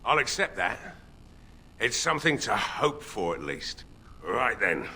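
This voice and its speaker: An actor playing a weary, bitter old village blacksmith who has been drinking heavily, gruff in manner. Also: male voice, lowish voice, very animated, measured pace, pushed and bright, a little hiss or hum, exaggerated voice. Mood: resigned. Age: older. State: drunk. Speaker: game character.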